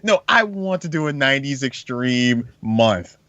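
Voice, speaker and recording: A man's voice: mid-range voice, sing-song, a little slow, fairly bright tone, dry recording, muffled recording. A man co-hosting a casual movie podcast, rambling and teasing his friends. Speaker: podcast co-host.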